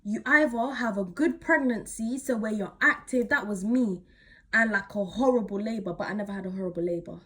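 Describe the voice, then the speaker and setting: A teenage girl, chatting to camera as she retells a story in a casual, animated way. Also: mid-range voice, brisk, breathy edge. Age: teens. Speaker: vlogger.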